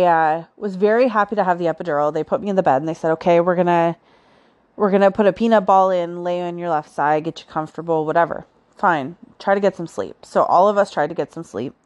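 A woman hosting a podcast, telling her own story in a chatty, casual way with frequent fillers. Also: lowish voice. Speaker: podcast host.

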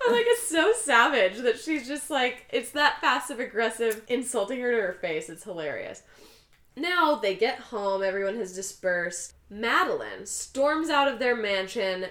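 A woman's voice: a little high, very animated, measured pace, fairly bright tone, roomy sound. A woman co-hosting a casual chat, retelling a story and acting out the characters' lines. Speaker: podcast co-host recapping a film.

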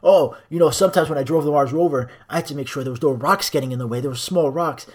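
A man's voice: on the high side, fast, darkish tone, close to an everyday voice. A man mocking a droning rover driver. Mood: mock-earnest. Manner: mock-serious, rambling, fretful. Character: dull earnest male rover driver, droning on.

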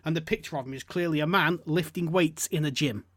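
A man's voice: fairly high pitch, a little fast, a bit bright. A man hosting a podcast, ranting and swearing in casual mocking chat. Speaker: podcast host.

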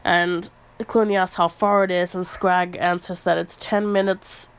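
A woman's voice: on the low side, flat delivery, a little slow, clear, resonant tone. A woman casually retelling a novel's plot as a podcast host, chatty, with trivia asides and fillers. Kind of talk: casual storytelling recap.

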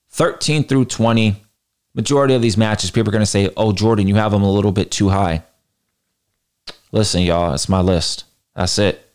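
A young man hosts a podcast in a casual, blunt, slang-filled way. His voice sits a little low, and he talks straight at his listeners, daring them to argue. His manner is animated and unbothered. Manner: blunt and animated, slangy, mocks critics in a higher voice. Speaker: podcast host. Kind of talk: casual podcast ranking rant.

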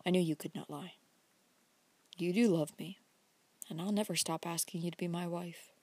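A woman voicing an earnest young man courting his sweetheart, speaking low and hushed with quiet insistence. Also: fairly even intonation, normal speed, no echo. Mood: earnest pleading.

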